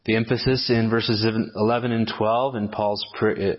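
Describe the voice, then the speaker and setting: A man preaching an expository sermon at a measured pace, often restarting with fillers as he explains a passage. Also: on the low side, little pitch movement, lo-fi sound. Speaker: pastor.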